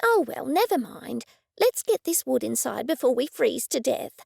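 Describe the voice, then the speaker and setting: A woman voicing a lively, cheerful female friend who runs a boarding house, speaking in a bright, chirpy way. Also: high voice, moderate pace, gravelly, slightly rough, no echo, clean studio sound, heavily acted.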